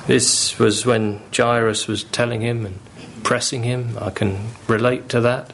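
A man's voice: lowish voice, level tone, measured pace, fairly bright tone, a little hiss or hum. A man preaching a sermon, earnest and pleading, building to fervent emphasis. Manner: earnest, pleading, rising with fervour.

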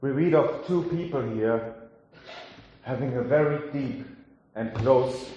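A man preaching, reading scripture aloud and then giving a sermon in a slow, solemn way. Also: medium pitch, warm tone, lo-fi sound, a little hiss or hum. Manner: slow, solemn delivery with drawn-out phrases. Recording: very echoey hall.

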